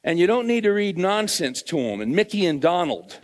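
A man's voice: sits high, very animated, moderate pace, long reverb tail. A middle-aged man preaching a sermon in an earnest, conversational way, repeating phrases for emphasis.

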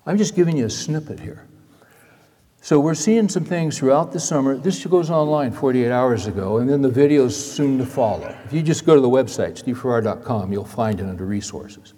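A man's voice: mid-range voice, normal speed, dark tone, in a large hall. A middle-aged man telling a story in a sermon, in a chatty, folksy way. He sounds worn out.

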